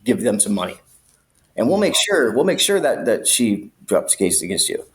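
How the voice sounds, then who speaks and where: A man voicing a corrupt male cop who coaxes a prisoner for a bribe in a mock-friendly tone, high above his own voice. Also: very animated, normal speed. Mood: wheedling. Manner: mock-friendly, coaxing, sly.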